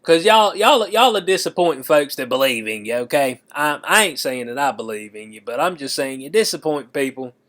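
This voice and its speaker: Animated slangy male commentary vlogger. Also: a little high, a little fast, few pauses. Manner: animated, slangy, laughs often. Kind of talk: casual political commentary.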